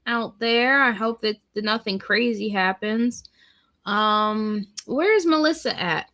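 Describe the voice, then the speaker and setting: A woman's voice: on the high side, slow, sharp tone. A woman hosting a casual livestream, chatting with viewers and reading weather forecasts aloud. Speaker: livestream host.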